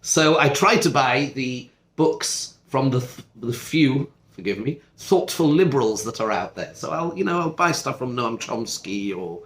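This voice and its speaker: Man as rabbi teacher, chatty lecture style, middle-pitched voice, roomy echoey classroom. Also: animated, measured pace, hardly any pauses, fairly bright tone. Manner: conversational, self-interrupting, asides and rhetorical questions. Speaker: rabbi teaching a study group. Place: seminar classroom.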